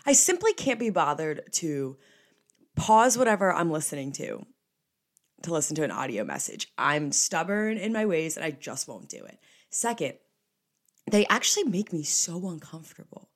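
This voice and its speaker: A woman's voice: low voice, very animated, moderate pace. Chatty young woman ranting. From New Jersey. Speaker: podcast host. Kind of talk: casual solo podcast chat.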